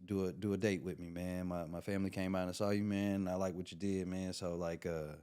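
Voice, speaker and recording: A man doing a laid-back older comedian who drawls along and tosses in "man" every few words. The voice sits fairly low and keeps an easy, friendly tone. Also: level tone, fairly quick, dark tone, clean tone, close to an everyday voice. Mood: easygoing.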